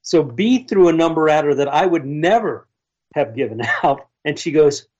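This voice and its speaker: A man's voice: fairly high pitch, animated, normal speed, a little mellow, highs cut off. A man on a radio show telling a casual story, rambling with many restarts.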